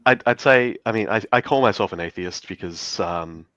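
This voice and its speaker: A man with a sick, nasal voice speaking in a halting way as a debate guest, with many fillers. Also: on the low side, fairly bright tone, no echo. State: sick, stuffy. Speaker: debate participant. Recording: dull, dry lo-fi mic.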